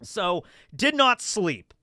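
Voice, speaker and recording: Speaking slowly in a high voice, a young man from the United States rambles through animated stories on a relaxed livestream, reading chat questions and filling his answers with fillers. There's no room sound, just clean studio audio.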